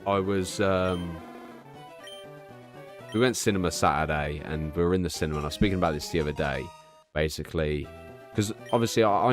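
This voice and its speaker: A man in his thirties chatting casually on a live stream, telling a candid, profane, rambling story full of restarts. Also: a bass voice.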